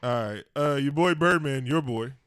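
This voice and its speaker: A man's voice: medium pitch, moderate pace, a bit bright, smooth, no room sound, clean studio sound. A man co-hosting a casual chat show, talking loosely with lots of slang and frequent laughter. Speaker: podcast co-host.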